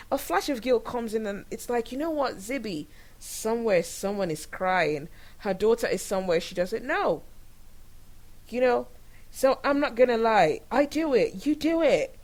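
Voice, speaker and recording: A woman from Nigeria hosting her own show, giving candid, animated commentary on the news and laughing often as she talks. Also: fairly high pitch, poor audio. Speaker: show host. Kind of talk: opinionated commentary monologue.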